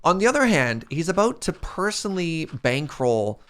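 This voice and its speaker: A man's voice: on the high side, very animated, moderate pace, fairly bright tone. A man in his thirties streaming a game, telling a story in casual chat and laughing often. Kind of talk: casual storytelling while gaming.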